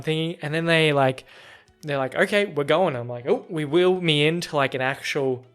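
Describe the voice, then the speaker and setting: Animated young man telling a story. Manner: animated, acts out quotes in a higher voice. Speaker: podcast host. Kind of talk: casual storytelling monologue.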